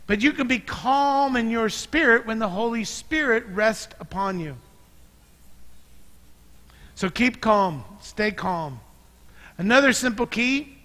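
High, bright-voiced male pastor in a reverberant hall. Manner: conversational, joking storyteller. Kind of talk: sermon. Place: church sanctuary.

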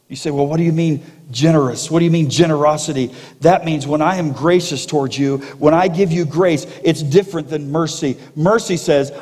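A man's voice: fairly high pitch, moderate pace, darkish tone. Fervent man preaching in a reverberant hall. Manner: preaching with rising fervor and repeated phrases. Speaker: pastor. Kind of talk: sermon. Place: church sanctuary.

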